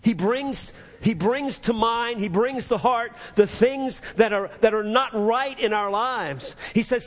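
A man preaches with a high, earnest voice, circling back and repeating his phrases as he presses his point. His sermon rings out with the long reverb of a large church hall. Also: slow, hardly any pauses. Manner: earnest, repetitive preaching with many restarts. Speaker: pastor.

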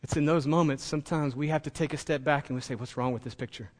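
A man's voice: on the high side, steady tone, quick pace. Impassioned male preacher in a reverberant hall. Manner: impassioned preaching, rising to emphatic peaks. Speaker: pastor. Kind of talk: sermon.

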